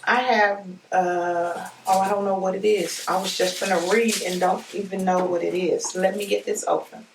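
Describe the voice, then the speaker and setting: A woman chatting casually through an unboxing, gushing and excitable as she talks straight to her viewers. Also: medium pitch, normal speed, vocal fry, few pauses, background noise. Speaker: unboxing vlogger. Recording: roomy echo, mic at a distance.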